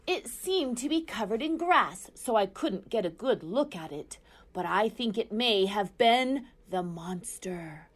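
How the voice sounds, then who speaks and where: Woman doing a loud, alarmed male owl. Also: mid-range voice, animated, measured pace. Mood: urgent.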